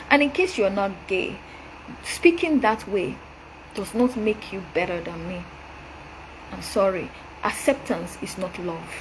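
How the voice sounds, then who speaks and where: A young adult woman hosting her show, delivering a forceful, preachy rebuttal straight to camera. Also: medium pitch, background noise. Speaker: show host. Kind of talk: direct-address rebuttal monologue.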